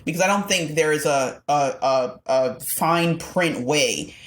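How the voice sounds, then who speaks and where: Low-voiced woman in an echoey room. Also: slow pace. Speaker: podcast host. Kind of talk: casual conversation.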